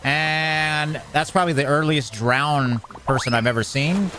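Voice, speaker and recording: A young man giving casual, chatty commentary while playing a building game, joking at his own expense and getting excited over small things. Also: fairly high pitch, measured pace, background noise. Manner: chatty, self-mocking, easily excited. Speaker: gaming streamer.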